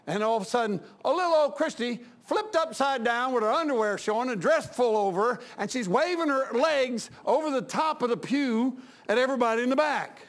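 A man preaches in a folksy, anecdotal way. His voice sits high and leaps all over the place. He jumps from loud outbursts to quiet, confiding asides. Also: lively intonation, fairly quick, few pauses. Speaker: pastor.

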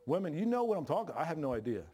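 A man's voice: fairly high pitch, big pitch swings, rapid-fire, dark tone, slightly rough. A man preaching a sermon in a church, folksy and joking, with plain colloquial grammar. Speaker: pastor. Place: church sanctuary. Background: congregation responses.

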